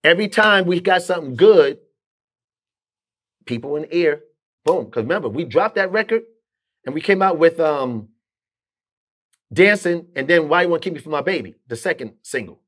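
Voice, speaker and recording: A man's voice: a little high, normal speed, pauses often. A middle-aged man telling a story in an interview, acting out the voices of the people he quotes. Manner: animated, acts out quoted dialogue.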